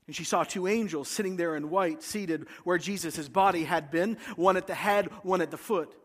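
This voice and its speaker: A man's voice: high-pitched, moderate pace, long reverb tail. A man preaching a sermon, retelling a scripture story dramatically and acting out the voices of its figures. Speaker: pastor.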